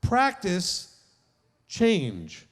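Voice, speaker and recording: A man teaching a midrash as rabbi, in an animated, joking and emphatic way, in a large tent. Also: sits high, drawn-out words, in a large hall. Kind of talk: lively teaching talk. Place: large tent with a live group.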